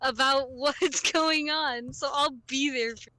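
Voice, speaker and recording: A woman's voice: high-pitched, fairly even intonation, slow pace, crowd noise. A woman co-hosting a casual podcast, rambling, swearing and laughing as she talks. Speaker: podcast co-host. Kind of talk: casual chat.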